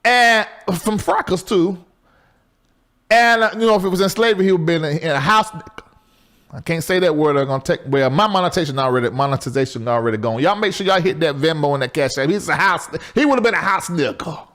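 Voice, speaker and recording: A middle-aged man, hosting a live call-in talk show in a loose, chatty way, jumping between loud exclaims and low asides. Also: brisk. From Southern US.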